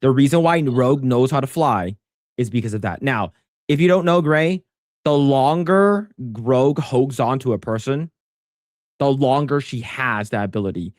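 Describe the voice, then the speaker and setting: A man co-hosting a casual podcast chat who rambles with many restarts and stammers and gets animated when pressing a point. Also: mid-range voice, moderate pace, dry recording, studio quality. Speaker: podcast co-host.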